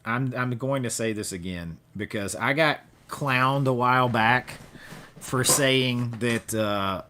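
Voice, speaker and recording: A man's voice: mid-range voice, slow, bright, forceful tone, a little hiss or hum. A man hosting a casual livestream chat about movie releases, talking loosely and reading blurbs aloud. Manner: chatty, reads blurbs aloud in a mock news-anchor voice. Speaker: host.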